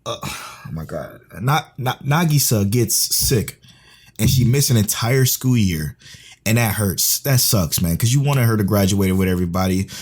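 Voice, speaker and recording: A man's voice: medium pitch, darkish tone, slightly rough. A man co-hosting a podcast, talking in an emphatic, rambling, profane casual chat. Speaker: podcast co-host.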